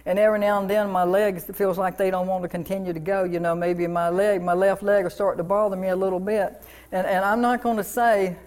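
A middle-aged woman pastor delivers a sermon in a mid-pitched voice. She preaches with fervent conviction, declaring and commanding, and often repeats her affirmations. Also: fairly even intonation, fairly quick, darkish tone.

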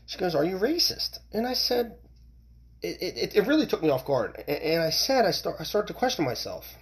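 A middle-aged man from the United States rants on his own podcast. His pitch swings widely as he talks. He is heated and profane, and he keeps restarting his sentences. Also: big pitch swings, fairly quick. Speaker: podcast host. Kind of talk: opinionated solo podcast rant.

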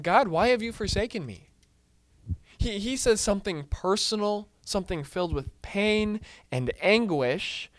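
A man's voice: fairly high pitch, dry recording. A man leading a casual group book discussion, full of fillers and restarts, putting questions to the group.

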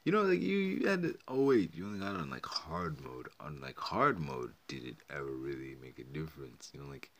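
A man hosting a solo podcast, rambling and swearing as he excitedly retells old video game memories. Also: very deep voice, a little fast, few pauses, slight background noise. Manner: rambling, profane, excited storytelling. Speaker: podcast host. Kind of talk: casual solo podcast talk.

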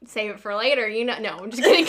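A woman's voice: fairly high pitch, bright, forceful tone. A woman co-hosting a podcast, chatting casually and playfully and laughing often. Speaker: podcast co-host. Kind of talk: casual chat.

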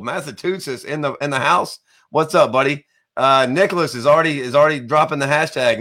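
A man, hosting a live online show in a chatty, rambling way with jokey shout-outs to viewers. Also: mid-range voice. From American South. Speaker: host.

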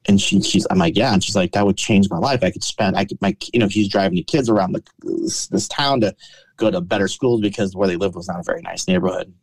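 Lawyer guy recounting a trial, lowish voice, dry close sound, lots of restarts. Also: fast, vocal fry, dry recording. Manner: animated storyteller, many restarts. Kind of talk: storytelling in a conversational interview.

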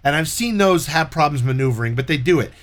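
A man telling a story in casual chat, animated and profane, acting out the people in it. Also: a little high, fast. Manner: profane, animated retelling with quoted dialogue.

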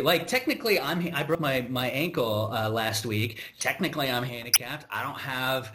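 A man's voice: medium pitch, lively intonation, moderate pace, hardly any pauses. American guy hosting a podcast, rambly and fed up, lots of restarts, slight hiss behind. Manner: rambling, frequent restarts and asides, exasperated. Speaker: podcast host. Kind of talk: casual conversational storytelling.

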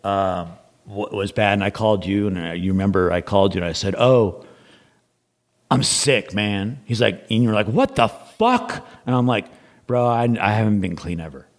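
A man's voice: fairly low pitch, fairly even intonation, moderate pace. A man guest on a podcast, telling a long story in a rambling, casual way, acting out what people said and swearing freely.

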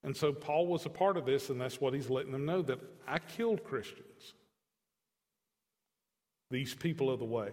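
A man preaching a sermon as pastor, earnest and animated, acting out the scripture quotes as he goes. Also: a little high, unhurried, pauses often, long reverb tail. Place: church sanctuary.

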